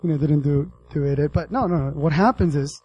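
A man's voice: a little high, fairly quick, highs cut off, slight background noise. A man giving a casual sermon as a youth pastor, joking and calling out to his listeners. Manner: animated, joking, addresses the audience directly.

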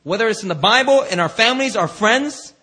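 A man preaches in church with a bright, husky voice that sits high and leaps around in pitch. He talks to the congregation in a loose, slangy way and keeps slipping into quoted voices to act out the story. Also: fairly quick. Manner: animated, acts out quoted voices, slangy asides. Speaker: pastor. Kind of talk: lively sermon.

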